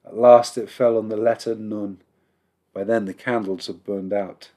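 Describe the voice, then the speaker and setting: A rabbi reading a holiday children's story aloud in a measured, expressive storybook narration. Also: male voice, fairly low pitch.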